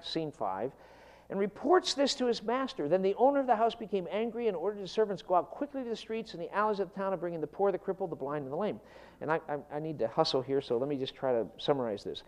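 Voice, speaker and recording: A man preaching an expository sermon on a parable, animated and emphatic, rushing some phrases and slowing to stress others. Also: a little high.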